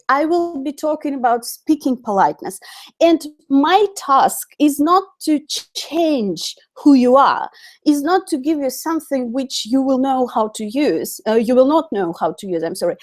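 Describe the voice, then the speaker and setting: Russian-accented woman teaching English live. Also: high voice. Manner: chatty, many fillers and self-corrections. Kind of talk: live-streamed online lesson.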